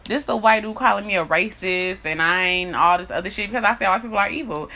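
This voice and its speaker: A woman's voice: mid-range voice, quick pace, pushed and bright. A woman talking bluntly in a candid monologue, swearing often, repeating herself and building into heated rants. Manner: profane, blunt and repetitive.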